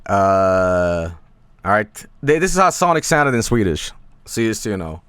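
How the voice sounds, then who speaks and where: A man's voice: fairly low pitch, big pitch swings, moderate pace, fairly bright tone, smooth, no room sound. A man chatting casually on a stream, rambling with lots of fillers and restarts and swearing now and then.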